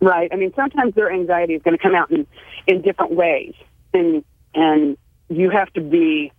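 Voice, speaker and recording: A woman's voice: on the low side, moderate pace, no room sound. A woman guest, a parenting blogger, speaking earnestly and candidly in an interview call. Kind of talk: interview over the phone. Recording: tinny phone line.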